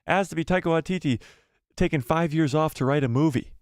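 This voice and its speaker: Male stream host, animated, repeats himself, dry sound. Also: a little high, fast talker, smooth, dry recording. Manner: animated, repeats himself while building theories. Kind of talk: casual live-stream commentary.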